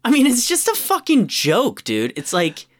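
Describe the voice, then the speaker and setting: A man's voice: very high-pitched, huge pitch swings, moderate pace, fairly bright tone, a little hiss or hum. A man co-hosting a podcast, ranting about a film with lots of swearing and exasperation. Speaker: podcast co-host reviewing a film. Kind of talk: casual chat.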